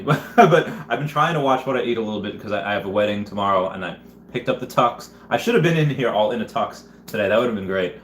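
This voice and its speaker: Low-voiced man chatting on a livestream. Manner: rambling, chatty, frequent restarts and laughs. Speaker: livestream host reading viewer chats. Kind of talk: casual livestream chat. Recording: echoey room with faint background noise.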